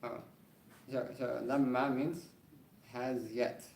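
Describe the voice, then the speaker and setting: A man teaching an Arabic grammar class, reading the text quickly and then explaining it slowly, often checking in with "right?". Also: medium pitch, flat delivery, creaky, darkish tone. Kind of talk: classroom lesson. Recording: roomy classroom with faint background noise.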